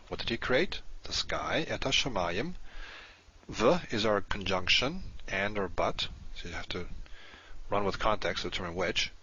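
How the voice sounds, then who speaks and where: A man's voice: lowish voice, sharp tone, breathy edge. A man teaching from a recorded lesson, methodical and patient, repeating terms as he points them out. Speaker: Hebrew teacher in recorded module. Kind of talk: explanatory teaching with screen annotation. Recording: dull lo-fi audio.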